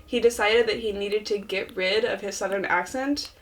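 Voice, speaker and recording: A woman's voice: medium pitch, normal speed. A young woman co-hosting a let's play, chatting earnestly and casually, with plenty of likes and ums. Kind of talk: casual chat while gaming.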